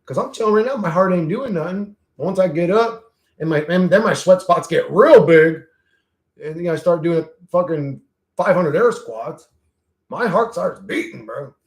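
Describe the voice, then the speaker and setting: A man's voice: fairly high pitch, expressive, moderate pace. A man casually chatting on a livestream, reading chat aloud, laughing often and swearing freely as he jumps from topic to topic. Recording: roomy echo.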